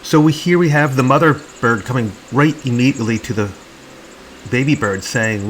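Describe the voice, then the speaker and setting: A man's voice: medium pitch, normal speed, slight background noise, rough recording. A man hosting a comedy video, narrating in a mock-serious, earnest tone and speaking for the birds he films. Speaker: channel host.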